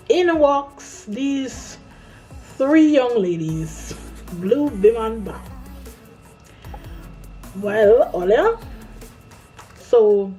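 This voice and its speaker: Animated woman telling a story. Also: on the high side, extremely slow, pauses often, soft background music, rough recording. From Caribbean island. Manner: animated, acts out her own quotes. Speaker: vlogger. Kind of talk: casual storytime monologue.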